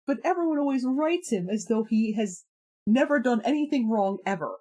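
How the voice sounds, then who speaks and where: A woman's voice: fairly high pitch, lively intonation, moderate pace, dark tone. A woman streamer chatting casually on a live stream, rambling with lots of fillers and laughing often.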